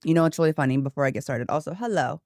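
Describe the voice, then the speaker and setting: A woman streamer chatting casually from her home office into a studio mic, a little tired and mellow, often breaking into laughter. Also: low-pitched, rapid-fire, no room sound. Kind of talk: casual chat on a gaming stream. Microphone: new studio microphone.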